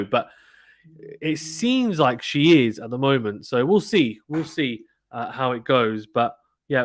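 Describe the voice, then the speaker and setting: A man's voice: mid-range voice, fairly bright tone, no echo, clean studio sound. A man hosting a casual live tennis watchalong, chatting with viewers and often repeating himself. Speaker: live stream commentator. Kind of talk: casual play-by-play watchalong chat.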